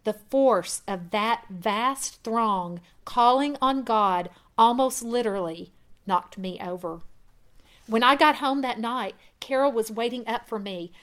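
A woman's voice: fairly high pitch, slow. Earnest woman reading a testimony. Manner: earnest, with swells of loudness at dramatic moments. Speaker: reader.

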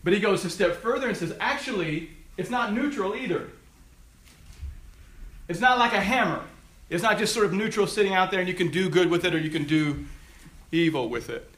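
A man's voice: high voice, fairly quick, a bit bright. A man preaching a sermon, teaching through a text with emphatic rises on the verses he quotes. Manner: emphatic, rising on quoted scripture. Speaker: pastor.

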